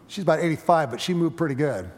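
A man's voice: on the high side, lively intonation, quick pace. Middle-aged male preacher, dynamic sermon delivery, long church-hall reverb. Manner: dynamic preaching, swelling loud then dropping quiet. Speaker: pastor. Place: church sanctuary.

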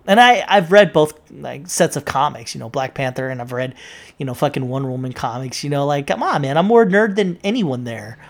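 A woman telling a story in a casual monologue, rambling and swearing, with many fillers and restarts. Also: low voice. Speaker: social media poster recounting an argument.

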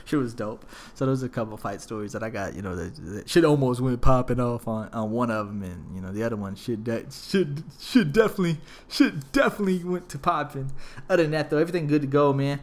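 A man's voice: medium pitch, fast, hardly any pauses, darkish tone. A man hosting a podcast who tells stories in a rambling, profane, slang-heavy way. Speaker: podcast host. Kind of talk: casual storytelling.

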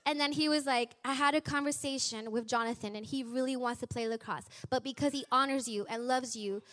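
A woman in her forties telling a personal testimony to a church congregation, animated and acting out the people she quotes. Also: high-pitched. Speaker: church speaker sharing a testimony.

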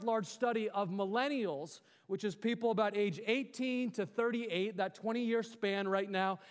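High-voiced pastor preaching in a hall. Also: male voice, smooth. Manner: earnest, exhorting, with rhetorical questions. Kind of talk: sermon.

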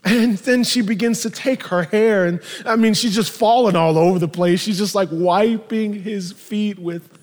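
A male pastor preaching a sermon with animated, emphatic storytelling. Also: high voice, moderate pace, few pauses, in a large hall.

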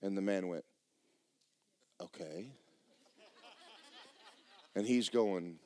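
A man preaching a sermon, emphatic and loud at times, dropping low for stories. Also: expressive, a little slow, long pauses. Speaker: pastor.

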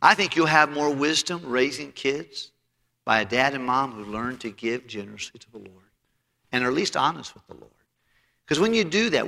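Gravelly-voiced male pastor preaching in a hall. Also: mid-range voice, bright, forceful tone. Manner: emphatic preaching with anecdotes and repeated restarts. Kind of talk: sermon. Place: church auditorium. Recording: long hall reverb.

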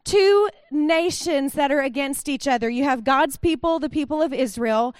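High-voiced woman preaching casually. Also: normal speed, no room sound, studio quality. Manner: chatty and conversational, with acted-out quotes. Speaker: pastor. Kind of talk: sermon.

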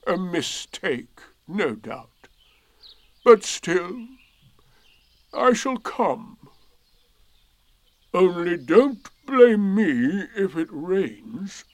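A man's voice: high-pitched, big pitch swings, no echo, full character voice. A man doing Eeyore, a gloomy old donkey. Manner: slow, mournful, sarcastic. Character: gloomy old male donkey, self-pitying. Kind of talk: storybook reading.

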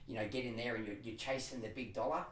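A man, a podcast guest telling stories in animated, laughing casual chat. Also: mid-range voice, slight background noise. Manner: animated storytelling, quick and laughing. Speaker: podcast guest, personal trainer and speaker. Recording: roomy, a bit distant from the mic.

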